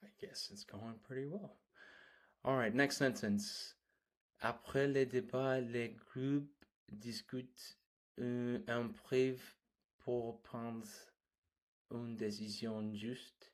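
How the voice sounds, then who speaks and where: A man whose first language is Spanish, practising reading aloud and slowing down over each phrase, with quick casual remarks in between. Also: mid-range voice, fairly even intonation. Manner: reads French slowly and carefully, quick self-talk between lines. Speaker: language learner.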